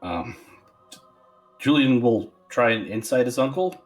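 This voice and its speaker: Casual guy at the game table, mid pitch, chatty. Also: expressive, unhurried, soft background music. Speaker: player.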